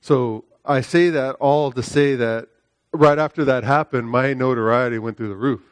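A man's voice: steady tone, normal speed, clean tone, dry recording. Emphatic preacher man, dry close sound. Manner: emphatic, repeats phrases, asks "right?" often; swings from loud high preaching to quiet storytelling. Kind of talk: sermon with personal storytelling.

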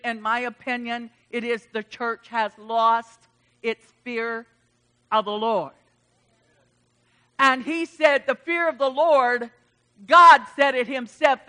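A middle-aged woman pastor preaching a sermon with passion, her voice swelling loud and dropping low.

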